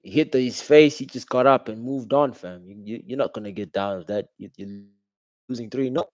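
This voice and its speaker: A young man giving casual, slangy live reaction commentary while watching a football match, calling out the referee loudly. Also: mid-range voice, a little fast, no echo. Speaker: football watch-along streamer. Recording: dull, dry home stream audio.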